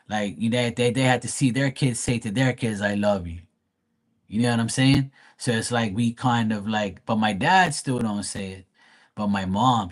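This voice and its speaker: Blunt, profane man chatting on a livestream. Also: lowish voice. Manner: blunt and profane, swearing freely; mimics family members in quoted voices. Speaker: livestream host. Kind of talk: casual livestream chat.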